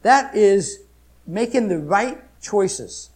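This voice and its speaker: High-voiced emphatic male preacher. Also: animated, slow. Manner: emphatic, swings from loud exclamations to hushed storytelling. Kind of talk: sermon.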